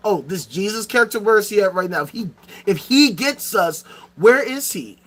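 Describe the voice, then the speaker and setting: Streamer host, livestream rant to chat, bright forceful voice, sarcastic, swears a lot. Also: mid-range voice, lively intonation, moderate pace. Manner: profane, sarcastic, emphatic.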